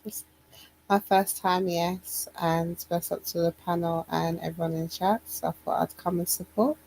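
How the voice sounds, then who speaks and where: A woman with a lowish voice and plenty of vocal fry joins a casual panel. She answers calmly and briefly. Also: moderate pace, poor audio. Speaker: panel guest.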